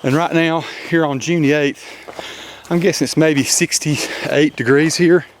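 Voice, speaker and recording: A man with a western North Carolina mountain accent, rambling in a relaxed, folksy way as he walks through the woods. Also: fairly high pitch, unhurried, slight background noise. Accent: western North Carolina mountain Southern. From Appalachian Highlands, North Carolina. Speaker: vlogger. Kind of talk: casual walking commentary. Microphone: handheld camera mic.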